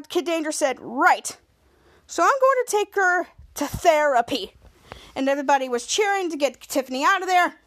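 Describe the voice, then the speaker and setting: A woman hosting a podcast, retelling a TV episode in a rambling, run-on way with many restarts. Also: high voice. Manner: quotes characters in a raised voice. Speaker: podcast host. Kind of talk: casual episode recap.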